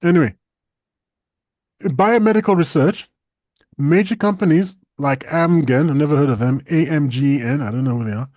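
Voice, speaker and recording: A man co-hosting a casual podcast discussion, chatty and animated, laughing often and restarting his sentences. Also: a little high, moderate pace, long pauses, no room sound, studio quality. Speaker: co-host.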